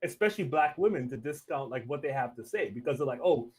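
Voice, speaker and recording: A man hosting a podcast in casual chat, relaxed and laughing often, with stammers and restarts. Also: medium pitch, quick pace, slightly rough. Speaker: podcast host. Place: Los Angeles.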